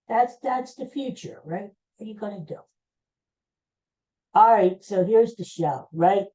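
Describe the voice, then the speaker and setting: A podcast host tells a story in a casual, chatty, rambling monologue, often breaking off mid-phrase to start over. His voice is high-pitched with a dark tone, on a dull lo-fi recording.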